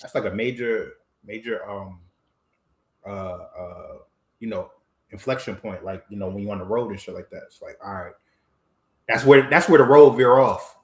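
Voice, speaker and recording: A man's voice: lowish voice, normal speed, a little mellow, a little hiss or hum. A man chatting casually on a live stream in a laid-back, slangy way. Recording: roomy echo.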